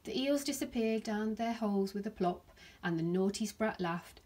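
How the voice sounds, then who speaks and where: A woman, a primary school teacher, reading a rhyming picture book aloud to her class in a gentle storytelling manner. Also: medium pitch, animated, normal speed, slight background noise.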